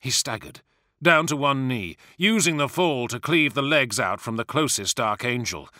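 A man narrating an audiobook in a measured, dramatic way, with hushed asides. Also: mid-range voice, animated, dry recording, studio quality.

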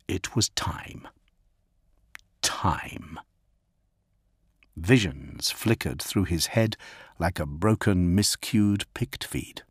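A man narrating an audiobook in a measured, dramatic way. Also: lowish voice, no echo, clean studio sound.

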